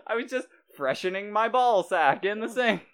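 Young male podcast co-host, high clear voice, animated laughing storyteller. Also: moderate pace. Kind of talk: casual chat.

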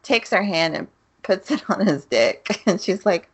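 A woman co-hosting a casual podcast, speaking slowly with a lively, swooping pitch. She giggles often as she retells scenes, slipping into the characters' lines. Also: husky. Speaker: podcast co-host. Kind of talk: casual chat.

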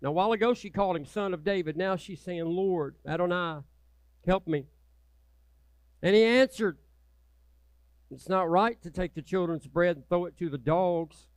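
A male pastor preaching a passionate sermon, moving from loud, urgent appeals to hushed, quiet prayer. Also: high voice, moderate pace, long pauses, clear, resonant tone, no room sound.

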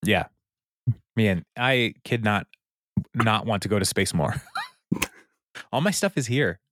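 A man's voice: lowish voice, expressive, fairly bright tone, dry recording, clean studio sound. A man co-hosting a casual podcast, recapping a TV episode and acting out the characters' lines. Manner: retells scenes with quick quoted voices and laughs. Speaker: podcast co-host.

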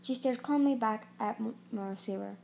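Brief: a woman reading a fantasy novel aloud, somewhat high, restarting over tricky words. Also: moderate pace, gravelly, a little mellow, slight background noise. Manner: stumbling, frequent restarts on words. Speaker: reader. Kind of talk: audiobook narration.

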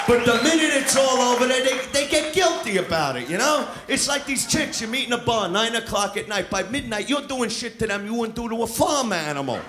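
A male stand-up comedian with a high voice delivers a brash, crude, swaggering live set on a comedy club stage. Background noise and the crowd's laughter come through on the club recording.

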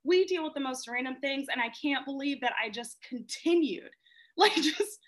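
A woman stage actress, a podcast guest, telling stories in casual chat, animated and laughing often, with lots of "like". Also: sits high, moderate pace, a little hiss or hum.

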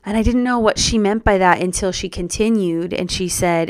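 A young woman telling her personal story as a podcast guest, earnest and reflective, in a soft-spoken way. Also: medium pitch, steady tone, moderate pace, no room sound, studio quality.

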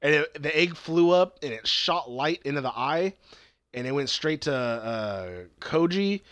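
Animated storytelling man, dry sound. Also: fairly high pitch, a little slow, no echo. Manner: animated storytelling, swears freely. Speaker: podcast co-host. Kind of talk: casual recap chat.

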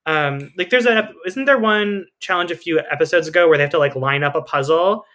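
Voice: medium pitch, fairly quick, a bit bright. Thoughtful, rambling podcast co-host. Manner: thoughtful, rambling, blunt at times. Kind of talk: casual chat about a reality show.

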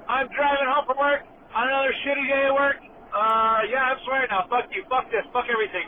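A man calling in from his car, ranting loudly and swearing in a comic voice message. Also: very high-pitched, level tone, fairly quick. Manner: loud, brash, swearing. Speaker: caller leaving a voice message. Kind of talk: profane comic rant. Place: driving in a car. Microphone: phone. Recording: tinny phone line with car noise.

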